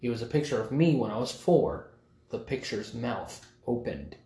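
A man's voice: medium pitch, expressive, moderate pace, dark tone. A man co-hosting a podcast in casual banter, blunt and profane, telling stories. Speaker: podcast co-host. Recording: echoey room with faint noise.

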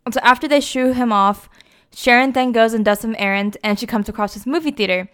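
Chatty young woman with a smooth voice. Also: a little high, a little fast, a bit bright. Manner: chatty, lots of "like" and "you know". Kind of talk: casual plot retelling.

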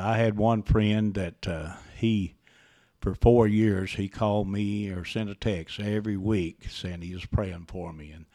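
A man, speaking haltingly with many pauses as a devout interview guest recounting a loss. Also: on the low side, a little mellow. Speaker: interview guest, grieving father.

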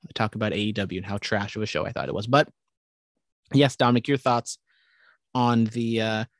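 A man's voice: lowish voice, brisk, no room sound, studio quality. A young man co-hosting a podcast in casual chat, rambling with many restarts and casual swearing. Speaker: podcast co-host.

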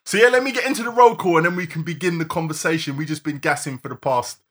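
A man co-hosting a live-streamed podcast, his voice bright and forward and set a touch higher than most men's. He chats loosely and rattles through shout-outs to listeners. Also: fast. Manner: lively banter, reeling off listener shout-outs. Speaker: podcast co-host.

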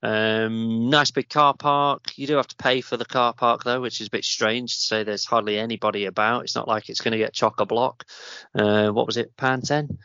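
A man's voice: medium pitch, steady tone, moderate pace, bright, forceful tone, clear, resonant tone, dry recording. A man with a Northern English accent hosting a podcast, telling a long, rambling story in casual chat. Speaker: podcast host. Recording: dull lo-fi sound.

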